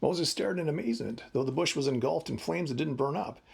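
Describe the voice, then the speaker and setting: A man's voice: medium pitch, expressive, normal speed, gravelly, slightly rough. A man in his fifties giving a wry, conversational devotional talk as a preacher. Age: 50s.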